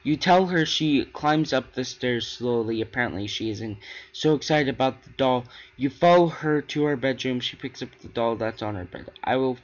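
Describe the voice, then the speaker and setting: A man hosting a gaming channel, reading the text of a horror game aloud in a halting way, with restarts and stumbles. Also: mid-range voice, lo-fi sound.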